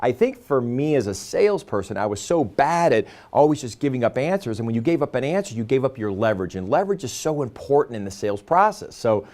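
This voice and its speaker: A man talking to camera as a sales trainer, telling stories and acting out quoted lines in casual speech. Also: medium pitch. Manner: fast, animated storytelling with quoted dialogue.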